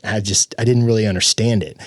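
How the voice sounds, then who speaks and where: Low-voiced man telling his story with feeling. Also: steady tone, brisk, dry recording, clean studio sound. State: tearful. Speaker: podcast guest. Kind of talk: emotional personal storytelling.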